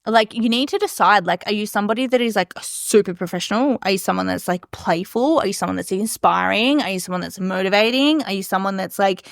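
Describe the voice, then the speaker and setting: Fast-talking woman podcaster. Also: medium pitch, gravelly, no echo, clean studio sound. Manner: fast, chatty, laughs often, swears casually. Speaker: podcast host. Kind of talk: casual solo podcast talk. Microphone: podcast mic.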